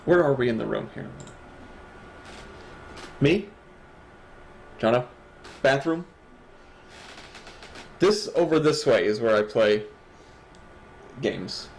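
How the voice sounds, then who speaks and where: A man's voice: medium pitch, lively intonation, slow pace, gravelly, pauses often, a little hiss or hum, low-quality recording. A young man co-hosting a stream from a desk at home, chatting casually, joking and laughing often. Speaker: co-host of an awards stream.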